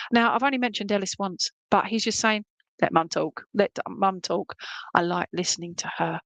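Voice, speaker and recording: A woman's voice: mid-range voice, a bit bright, dry recording, low-quality recording. Chatty woman medium, dry sound. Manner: chatty and emotional, tagging lines with "okay?". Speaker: spiritualist medium. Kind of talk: mediumship reading at a church service. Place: church service, streamed online.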